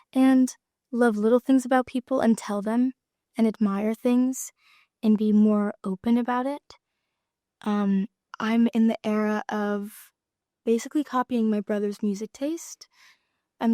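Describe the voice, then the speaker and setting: An actress chatting as an interview guest, giggling often and trailing off with lots of fillers. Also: female voice, fairly high pitch, mellow, dry recording, studio quality. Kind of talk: casual interview chat.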